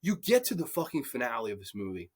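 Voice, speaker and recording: A man's voice: mid-range voice, wildly swooping pitch, quick pace. Casting note: fed-up man reviewer, furious and foul-mouthed, hammering his points again and again. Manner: angry, sweary, repetitive, exasperated. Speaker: horror movie reviewer. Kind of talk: profane movie rant.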